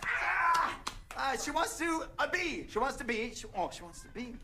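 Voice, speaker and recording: A stammering, flustered fiancé. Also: male voice, very high voice, big pitch swings, fairly quick, heavy background noise, exaggerated voice. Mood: frantic guessing. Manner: stammering, frantic guessing, many fillers. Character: flustered young male fiancé guessing charades. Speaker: groom-to-be. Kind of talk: film comedy acting.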